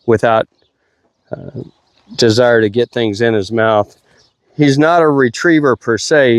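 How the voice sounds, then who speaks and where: A middle-aged man, a dog trainer, explaining his methods outdoors while working a dog, breaking into high, playful praise for the animal. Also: clear, resonant tone, no room sound, clean studio sound. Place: outdoors at a kennel ranch.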